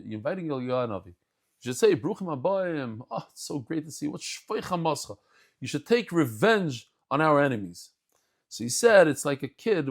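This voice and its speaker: A man giving a daily Talmud lesson, telling the stories in an animated way and mixing English with Hebrew and Yiddish terms. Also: medium pitch. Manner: animated storytelling, acts out scenes. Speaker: Talmud teacher.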